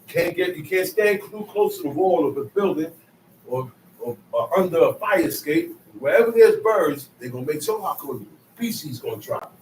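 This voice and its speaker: Speaking at a moderate pace, a male Bible teacher with a highish, expressive voice repeats phrases as he teaches scripture in an emphatic, conversational manner. The recording has an echoey room, a far-off mic, and slight background noise.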